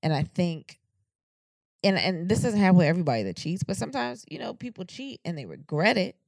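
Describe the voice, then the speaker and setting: A young woman co-hosting a podcast in loose, candid chat, swearing freely and stopping to restart her thoughts. Her voice sits low and gravelly, with lively ups and downs, and the sound is dry and close. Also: no echo. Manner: frank, profane, halting restarts. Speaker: podcast co-host.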